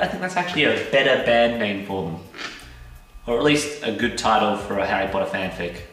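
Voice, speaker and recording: A young man rambling through a jokey, self-deprecating vlog in a bright, forward voice. He sits far from the mic in a very echoey room, with faint music under him. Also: lowish voice, lively intonation, a little fast. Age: young adult. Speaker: vlogger. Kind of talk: casual comedic vlog.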